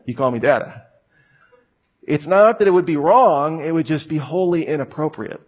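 A man's voice: on the high side, animated, moderate pace, darkish tone, breathy edge, dull audio. A man in his thirties preaching a conversational sermon, telling stories with humor. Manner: casual, storytelling with humor.

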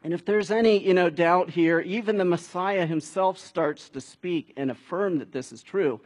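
A man's voice: high-pitched, moderate pace. A man preaching a sermon in a conversational way, building to emphatic peaks. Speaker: pastor.

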